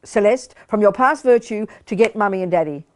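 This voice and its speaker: A woman's voice: medium pitch, brisk, a little mellow. An older woman giving a Buddhist teaching to a study group, emphatic and full of rhetorical questions to the audience. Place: meditation hall in a study center.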